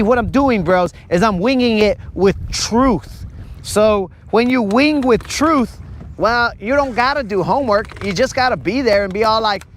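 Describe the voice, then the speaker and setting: Casual podcast host with a high voice, playful storyteller who slips into silly character voices mid-riff; recorded out on a fishing boat. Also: male voice, fairly bright tone, a little hiss or hum. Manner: playful, acts out imagined dialogue in put-on voices. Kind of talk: casual joking monologue.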